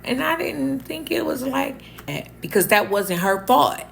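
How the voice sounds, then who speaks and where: A woman's voice: high voice, measured pace, vocal fry. A woman telling a candid storytime monologue, acting out the dialogue as she goes. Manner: candid, animated, acts out quoted dialogue. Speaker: storyteller vlogger.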